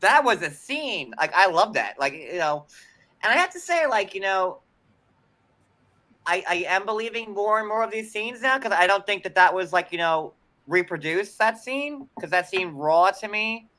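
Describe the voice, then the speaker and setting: Bright-voiced chatty male show host. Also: high-pitched, normal speed. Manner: animated, heavy filler words, acts out quotes loudly. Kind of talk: casual panel chat.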